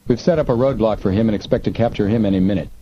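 A man voicing a brisk, businesslike male officer, in a dull recording with faint hiss. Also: lowish voice, lightly acted. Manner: quick, businesslike.

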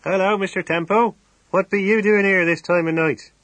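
A man's voice: high voice, fairly even intonation, moderate pace, a bit bright, no room sound, pitched above the performer's own voice. A man voicing a burly, good-humoured older farmer who talks in broad rustic dialect. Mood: genial. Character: burly, genial older male country farmer.

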